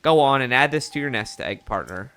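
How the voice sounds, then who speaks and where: A man putting on a cheery mid-Atlantic newsman, lively swooping voice, faint music behind. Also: medium pitch, a little fast, natural voice. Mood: chummy. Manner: reads game dialogue aloud in a put-on voice. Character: male newspaper reporter, folksy and upbeat. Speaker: video game streamer.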